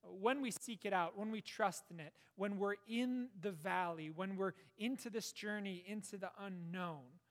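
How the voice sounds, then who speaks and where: A man preaching a sermon, earnest, with rises and falls and hushed, prayerful passages. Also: high voice, moderate pace, few pauses. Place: church. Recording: long reverb of a hall.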